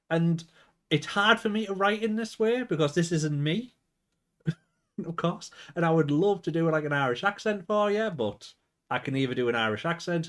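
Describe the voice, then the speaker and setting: A man giving casual, chatty commentary on his management game, rambling and thinking aloud. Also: a little high.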